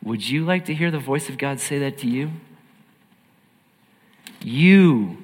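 A man preaching a sermon in an earnest, emphatic way, swinging between loud and hushed. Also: mid-range voice, a little fast, long reverb tail.

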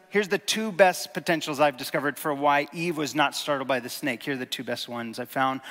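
A man preaching a sermon in a conversational, animated way, with jokes and sudden emphatic stresses. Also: on the high side, big-room sound.

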